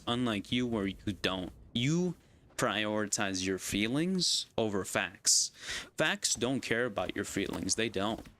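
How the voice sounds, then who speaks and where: Low-voiced man ranting while gaming. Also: a bit bright, slight background noise. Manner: argumentative, constantly asks "right?" and "you know?". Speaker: gaming streamer. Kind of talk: casual rant while gaming.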